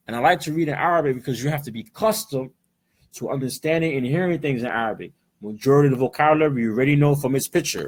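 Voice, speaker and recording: American guy teaching a class in person, husky voice, goes up and down a lot, keeps saying right?. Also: mid-range voice. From United States. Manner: checks in constantly with "right?"; explains patiently, switching between English and Arabic words. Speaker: Arabic teacher. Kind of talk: classroom lesson.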